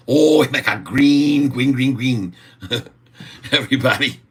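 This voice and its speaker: A man's voice: mid-range voice, takes it slowly, slightly rough. A man hosting a casual, joking video chat, laughing often and mocking himself. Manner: laughing, self-mocking, loose. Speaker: stock video host.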